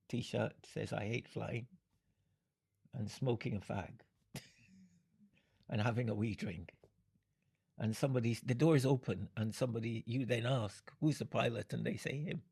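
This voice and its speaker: An older man from Jamaica, speaking in an interview, unhurried and fond of analogies, often breaking into laughter. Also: mid-range voice, fairly even intonation, vocal fry, dark tone, breathy edge. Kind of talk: reflective storytelling.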